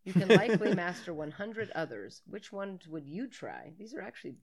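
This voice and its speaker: Kobieta czytająca quiz, sypiąca przekleństwami. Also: female voice, on the low side, sing-song, normal speed, breathy edge. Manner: playful, swears freely, laughs often. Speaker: podcast co-host. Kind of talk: casual chat, reading a quiz aloud.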